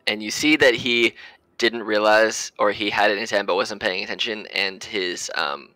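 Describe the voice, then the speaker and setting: A man's voice: lowish voice, fairly even intonation, normal speed, bright, forceful tone, no echo, poor audio. A man narrating a tabletop game as game master, in a loose, casual way with lots of fillers.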